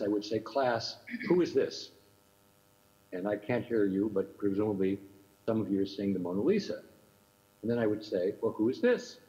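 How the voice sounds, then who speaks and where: A man's voice: on the low side, dark tone. An older man giving a keynote lecture in a thoughtful way, repeating rhetorical questions to his audience from another time zone. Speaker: keynote speaker. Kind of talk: academic lecture. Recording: muffled lo-fi recording.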